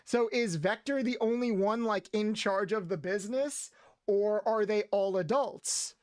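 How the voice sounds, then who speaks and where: A man's voice: sits high, unhurried, a little mellow, smooth, dry recording. A man streaming a video game, chatting playfully with his viewers in a loose, rambling way. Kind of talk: casual gameplay commentary. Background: faint game music.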